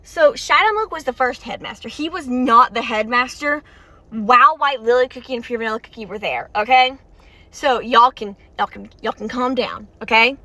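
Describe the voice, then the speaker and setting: High bright chatty woman in a car. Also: moderate pace, dry recording. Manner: excitable, chatty, talks straight to viewers with frequent restarts. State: tired and warm. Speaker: video creator reacting to a game story. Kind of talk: rambling reaction commentary to viewers. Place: inside a parked car.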